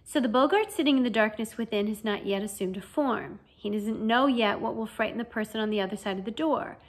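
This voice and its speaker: A kindly middle-aged wizard teacher, as a woman reads him in a storybook reading. He explains things gently and cheerfully, coaxing his pupils along with calm encouragement. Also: a little high, a little fast, lightly acted. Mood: encouraging. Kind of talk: fan audiobook reading.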